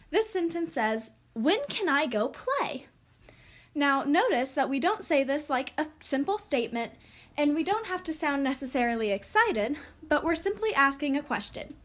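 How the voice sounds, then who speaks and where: A woman teaching a recorded lesson, speaking slowly and clearly for young children. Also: sits high.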